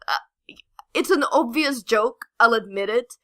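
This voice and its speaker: Chatty woman on a podcast, self-deprecating, bright and a bit high. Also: measured pace. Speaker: podcast co-host. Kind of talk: casual chat.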